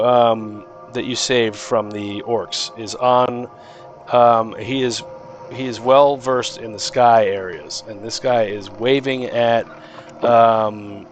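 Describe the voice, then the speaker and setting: Rambling male dungeon master. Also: mid-range voice. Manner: rambling, lots of fillers and restarts, laughs often. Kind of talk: narrating a tabletop game.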